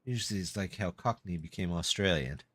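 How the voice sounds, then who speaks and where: Man, game streamer, casual chat, self-deprecating, low voice, lively intonation. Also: brisk, no room sound. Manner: chatty, self-deprecating, answers viewer chat. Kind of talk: casual live-stream chat while gaming.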